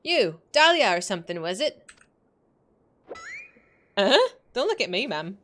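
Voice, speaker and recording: A woman voicing a fierce, scolding middle-aged mother with a put-on Scottish accent, sharp and bossy in tone. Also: mid-range voice, sing-song, a little slow. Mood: brisk.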